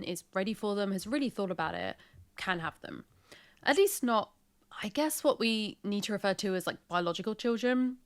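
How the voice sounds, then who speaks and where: A woman with a British accent hosting a video essay, narrating in a brisk, informative way with wry asides. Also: medium pitch.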